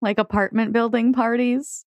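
A woman's voice: fairly high pitch, fairly even intonation, moderate pace, no echo, highs cut off. A woman co-hosting a podcast in casual chat, tossing in skeptical questions and quips. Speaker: podcast co-host.

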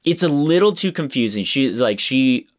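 Man, casual podcast chat, lively pitch, profane, exasperated film rant. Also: normal speed. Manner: animated, profane ranting with acted-out quotes. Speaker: podcast co-host reviewing a film.

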